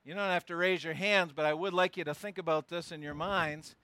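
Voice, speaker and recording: Man, pastor, preaching with emphatic rhetorical questions; voice high and bright. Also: fairly even intonation, fairly quick. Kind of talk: sermon with verse-by-verse Bible teaching.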